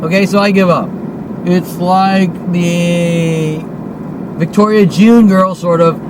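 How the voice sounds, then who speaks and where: A man in his fifties rants to camera in a heated, accusatory monologue, swearing often and repeating himself. His voice sits high, his speed is normal, and the background is noisy.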